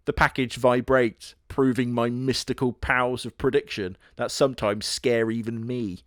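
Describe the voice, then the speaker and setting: A man hosting a comedy video, giving sarcastic, crude, deadpan commentary on a horror show. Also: mid-range voice, normal speed, hardly any pauses, no echo. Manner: dry, crude, deadpan jokes.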